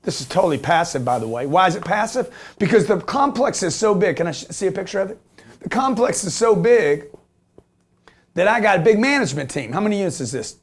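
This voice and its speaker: Brisk and animated, with a high-sitting voice and a breathy edge, this man in his fifties talks real estate investing. His animated business talk is emphatic and repetitive, peppered with "okay?" and joking profanity.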